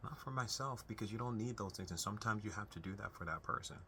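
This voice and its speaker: A man's voice: lowish voice, quick pace, sharp tone, a little hiss or hum. A young man talking earnestly to camera, giving unscripted advice on family relationships in a conversational way with frequent restarts. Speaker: self-help video host.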